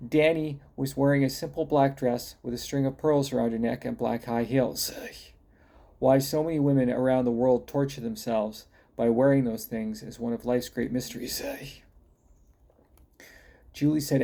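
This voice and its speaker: A man's voice: medium pitch, steady tone, moderate pace, gravelly, dark tone. A man reading his own detective story aloud, with a wry, folksy manner.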